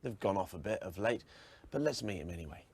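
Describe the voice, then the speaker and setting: A man playing a deadpan, patient TV interviewer in a comedy sketch. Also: deep voice, fast talker, creaky, husky, full character voice.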